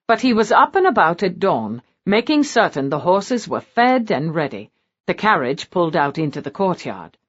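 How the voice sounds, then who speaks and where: A woman narrating an audiobook in an expressive storytelling manner. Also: mid-range voice, lo-fi sound. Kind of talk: scripted narration.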